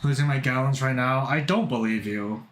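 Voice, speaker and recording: A man's voice: medium pitch, moderate pace, fairly bright tone. A man streaming live, chatting casually to his viewers, rambling and self-mocking with lots of swearing. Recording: roomy echo.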